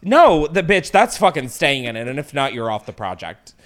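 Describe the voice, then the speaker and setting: A man's voice: medium pitch, moderate pace. A man hosting a podcast, tipsy on wine, telling crude, rambling stories in casual chat. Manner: crude, rambling, lively storytelling.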